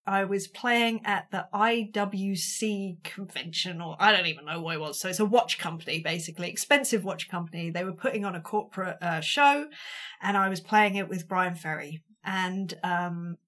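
A British woman who works as a touring drummer tells a story on a podcast, casual and self-deprecating, throwing energy into acting out the quotes. Her voice sits on the low side with a fairly bright tone, moving at normal speed.

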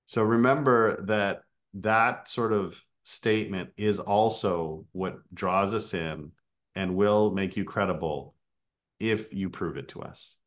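A man's voice: on the low side, slow pace. A man coaching speakers in a casual online session, explaining with filler words.

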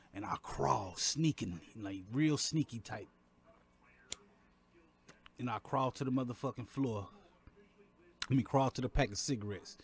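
Guy smoking and rambling a story, husky voice, cussing a lot. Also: medium pitch. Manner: loose, profane, drawn-out storytelling. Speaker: streamer in a played clip. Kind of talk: casual storytelling while smoking.

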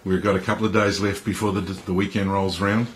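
Man, interviewer, very low voice, quiet short questions, faint background noise. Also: little pitch movement, a little fast.

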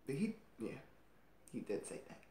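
A man hosting a reaction video, gushing and laughing often while keeping his voice low. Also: huge pitch swings, normal speed, reverberant, slight background noise. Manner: giggly, gushing, frequent laughter; kept low to stay quiet. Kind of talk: casual reaction commentary.

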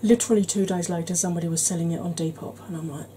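A woman hosting a makeup tutorial, chatting in a rambling, conversational way and sometimes dropping into a soft whisper. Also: lowish voice, fairly even intonation, racing, slight background noise, poor audio. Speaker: beauty channel host.

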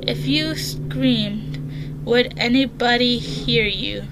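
A woman's voice: fairly high pitch, fairly even intonation, drawn-out words, very noisy. A woman in her bedroom giving casual horror game commentary, reading questions aloud and answering them in a jumpy, chatty way. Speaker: gaming channel host.

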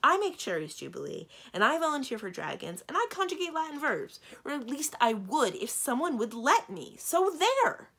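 A bold young princess speaks eagerly, pushing her voice higher, as a woman reading a storybook plays her. Her delivery is lively, with a slight rasp. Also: fairly quick, heavily acted. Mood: defiant.

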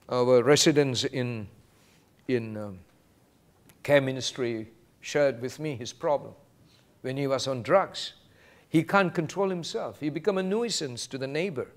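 A man preaching a sermon as pastor, quoting scripture and acting out short exchanges with animated delivery. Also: medium pitch, takes it slowly, pauses often.

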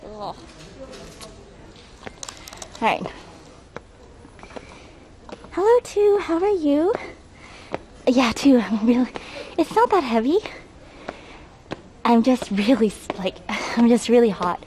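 A slightly high-voiced woman chats her way up outdoor stairs, out of breath and talking through a face mask. She greets viewers by name in a chatty, self-deprecating way. Clear outdoor noise runs under her voice. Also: sing-song, takes it slowly, long pauses, mellow. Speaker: travel livestreamer. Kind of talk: casual livestream chat, reading chat aloud. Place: outdoors, climbing stairs at a shrine. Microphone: wearing a face mask while talking. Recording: outdoor livestream with background noise.

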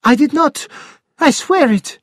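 A loyal young French maid, voiced by a man in an audiobook drama, high-pitched and earnest. She answers anxiously and pleads that she is innocent. The recording is close and dry. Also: expressive, measured pace, no echo. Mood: pleading.

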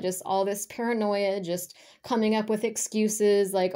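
A woman's voice: mid-range voice, fairly even intonation, measured pace, few pauses, darkish tone. A woman giving a casual spiritual energy reading to her viewers. She rambles, leans heavily on fillers and talks bluntly, with swearing. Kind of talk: casual spoken reading to camera.

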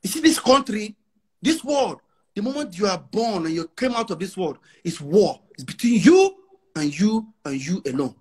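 Sitting high with a darkish, breathy edge, his expressive voice keeps a moderate pace. He's a roughly forty-year-old Igbo musician from Nigeria with a Nigerian Pidgin English accent, speaking brashly as a casual interview guest and repeating lines for emphasis.

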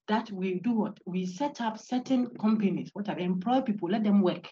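A woman giving an animated philosophy lecture on a video call, asking her class rhetorical questions. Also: medium pitch, fairly quick, slight background noise. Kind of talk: online university lecture. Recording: lo-fi online call audio.

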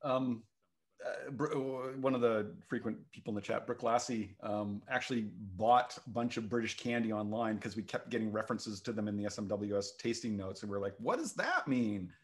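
A man's voice: lowish voice, little pitch movement, fairly quick. A man hosts a laid-back whisky tasting show. He talks in a chatty way, drifting into little side stories about friends and releases. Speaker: host. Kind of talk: casual chat.

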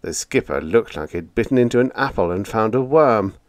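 A man's voice: fairly low pitch, lively intonation, fairly quick, dry recording, studio quality. A man narrating a humorous science fiction audiobook in a wry storytelling manner.

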